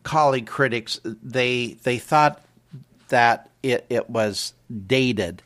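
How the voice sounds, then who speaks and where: A man talks through his view of a stage production at an unhurried pace. He hesitates, repeats words and restarts his sentences as he weighs his opinions like a critic. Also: mid-range voice, fairly bright tone. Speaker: theater critic. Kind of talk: casual review chat.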